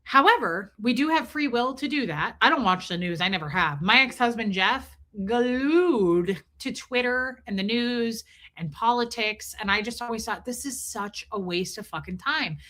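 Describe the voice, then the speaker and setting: Blunt, bright-voiced woman streamer. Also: a little high, animated, normal speed. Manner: blunt, profane, chatty, reads and thanks viewers' super chats. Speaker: livestream host. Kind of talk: casual livestream chat. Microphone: streaming mic.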